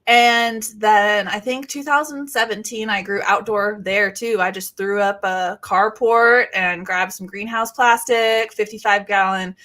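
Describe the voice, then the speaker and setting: A woman in her thirties from California, talking as a guest in a casual interview, relaxed and rambling with lots of fillers. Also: mid-range voice, a little slow, few pauses. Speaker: guest, grower and educator.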